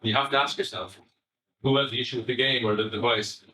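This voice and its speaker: A middle-aged Irish man speaks to an audience of parents in a bright, forward voice. He talks in a chatty, anecdotal way, often restarting his sentences and slipping in asides. He sounds distant from the mic, and a roomy echo hangs around his words. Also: mid-range voice, steady tone, fast. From Ireland. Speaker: family psychotherapist giving a talk. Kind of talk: live talk to parents. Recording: echoey room, far from the mic.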